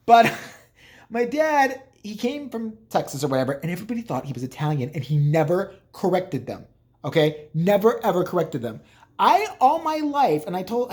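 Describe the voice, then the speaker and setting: Casting: man in his thirties, fairly high voice, swoopy delivery, cursing storyteller. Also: darkish tone. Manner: rambling, profane, jokey. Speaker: vlogger. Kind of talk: casual storytelling monologue.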